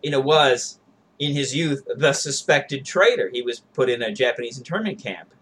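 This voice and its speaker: A man's voice: medium pitch, expressive, moderate pace, fairly bright tone, a little hiss or hum. A man co-hosting a podcast, talking through ideas in a thoughtful, digressive way. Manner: thoughtful and digressive, musing on tactics and history. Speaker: podcast co-host. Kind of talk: casual discussion.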